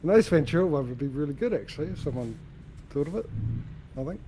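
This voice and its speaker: A man chatting casually with a streamer during a game, easygoing and halting. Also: a little high, expressive, warm tone, a little hiss or hum. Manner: easygoing, hesitant, filler-heavy. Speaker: fellow streamer in a convoy. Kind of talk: casual chat while gaming.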